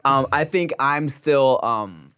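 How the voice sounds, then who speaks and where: A man chatting casually as a podcast guest, relaxed and slangy. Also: mid-range voice, takes it slowly, clear, resonant tone, no echo, clean studio sound. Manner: relaxed, slangy, many fillers. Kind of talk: casual chat.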